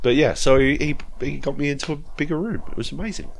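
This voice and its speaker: A man's voice: on the high side, fast talker, creaky. An Australian man telling a rambling, profanity-laced story on a casual gaming podcast. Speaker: podcast co-host. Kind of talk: casual chat.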